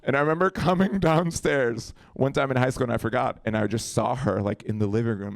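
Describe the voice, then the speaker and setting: A young man from Colombia doing a stand-up comedy set on a club stage into a handheld mic, hosting the night and jumping into quick voices and impressions. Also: medium pitch, creaky, no room sound, studio quality. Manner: animated, jumps into voices and impressions.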